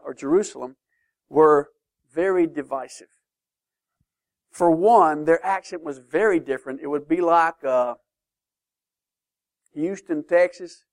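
A man teaching a sermon-style Bible lesson to a class, emphatic and lively, often checking in with questions. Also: fairly high pitch, no room sound, clean studio sound.

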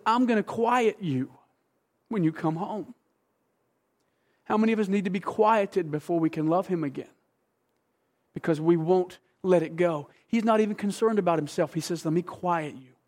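A man delivers a sermon in a notably high voice. He preaches with emphasis, easing into soft, hushed passages before building to excited, louder bursts. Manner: animated, emphatic preaching with sudden shifts between soft and loud. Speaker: pastor.

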